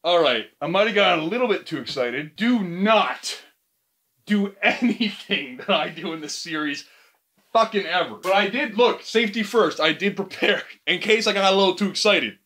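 A young man vlogging from his basement, talking in a rambling, profane, excitable way while sleep deprived and tired. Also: high voice, normal speed. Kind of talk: chaotic comedy vlog. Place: home basement.

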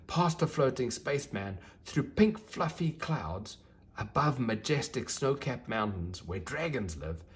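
A man reading a children's storybook aloud, gentle and expressive. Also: medium pitch.

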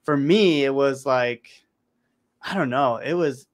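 Halting man in casual chat. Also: mid-range voice. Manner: halting, many restarts and fillers. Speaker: host.

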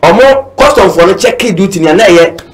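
High-voiced fervent Ghanaian man. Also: expressive, normal speed, a little hiss or hum, poor audio. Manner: fervent, repetitive, mixes Twi and English. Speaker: political commentator. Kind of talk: impassioned political talk.

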